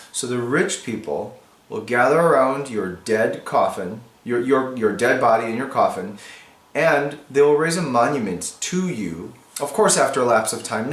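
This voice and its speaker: Man, teacher, casual explanatory lesson, thinking aloud, roomy echo. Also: medium pitch. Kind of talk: annotating a text for students.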